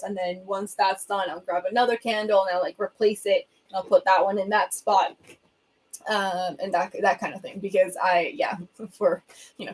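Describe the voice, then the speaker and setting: A young woman answers viewer comments in a casual livestream chat, rambling and humming between her thoughts. Her voice is medium-pitched with a darkish tone. She's recorded at home, in a room with a bookshelf, on her laptop's built-in webcam mic.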